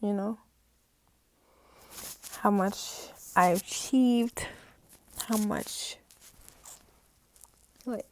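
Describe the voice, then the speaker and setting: A woman's voice: mid-range voice, drawn-out words, pauses often, slight background noise. A young woman talking to camera on her own channel, heartfelt and rambling, often tearful and close to crying. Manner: heartfelt, rambling, repeats "you know". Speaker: channel host. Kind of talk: casual talk to camera.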